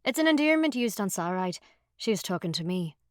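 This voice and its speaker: A woman's voice: mid-range voice, sing-song, fairly quick, no echo, natural voice. A woman voicing a wounded young man who speaks dryly and sarcastically, in an audiobook. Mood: wry. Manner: dry and sarcastic.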